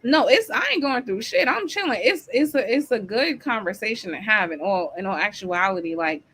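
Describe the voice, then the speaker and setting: A woman's voice: medium pitch, expressive, fairly quick, fairly bright tone, slight background noise. A woman hosting a livestream talk show, ranting bluntly and heatedly with heavy swearing and answering the live chat. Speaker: host.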